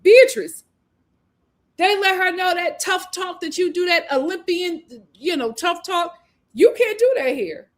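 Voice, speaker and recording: Emphatic woman hosting a live recap. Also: on the high side. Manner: emphatic, opinionated, quotes viewers' comments. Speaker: host. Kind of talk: live show recap and commentary.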